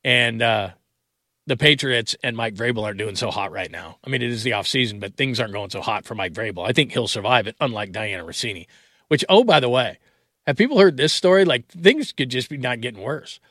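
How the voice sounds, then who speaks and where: A man's voice: medium pitch, animated, a little fast, fairly bright tone, dry recording. A man hosting a late-night call-in sports radio show in a studio, chatting casually and rambling into asides. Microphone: studio broadcast mic.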